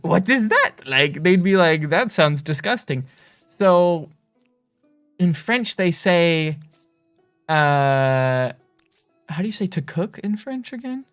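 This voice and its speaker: A man's voice: on the high side, animated, slow, long pauses, clean tone, no echo, faint music behind. Chatty, rambling man streaming a game. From United States. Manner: chatty, rambling, laughs often. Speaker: livestream co-host. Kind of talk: casual gaming stream chat.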